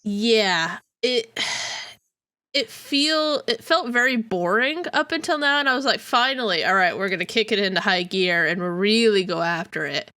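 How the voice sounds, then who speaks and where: A woman's voice: medium pitch, expressive, normal speed, bright, forceful tone, clean tone, dry recording, studio quality. A woman co-hosting a podcast, chatting casually and rambling with lots of fillers. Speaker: podcast co-host. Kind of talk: casual chat.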